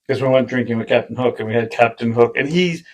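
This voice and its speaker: A man co-hosting a casual podcast chat, an animated storyteller who swears, laughs and acts out quotes. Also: medium pitch, fast. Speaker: podcast co-host.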